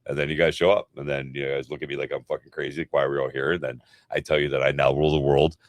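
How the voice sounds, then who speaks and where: A man's voice: rumbling low, level tone, fast, no room sound. A man co-hosting a podcast in casual chat, rambling with restarts and swearing freely. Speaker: podcast co-host.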